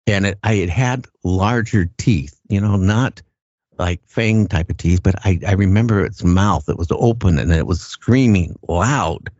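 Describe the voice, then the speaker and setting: An older man with a very low voice tells his story in a plain, earnest way. He stops and restarts, often repeating words as he goes. The sound is dull and lo-fi and very dry, with no room around it. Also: a little slow, darkish tone, no room sound. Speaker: guest recounting an encounter. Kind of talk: casual first-person storytelling.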